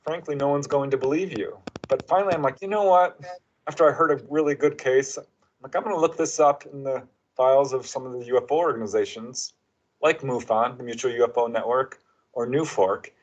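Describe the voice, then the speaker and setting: A man of average pitch speaking as a guest author. He tells his stories with energy, breaking into other voices for the quoted lines. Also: brisk, dull audio. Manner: animated storyteller who acts out quotes. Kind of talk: casual interview chat.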